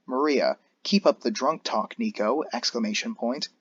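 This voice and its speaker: A man's voice: mid-range voice, normal speed, husky, muffled recording. A man voicing a brash, crude biker-gang woman who bosses the restaurant staff around.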